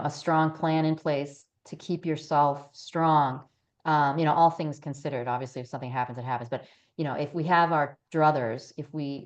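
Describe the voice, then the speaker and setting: Woman with a very low voice. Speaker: guest. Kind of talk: casual interview chat.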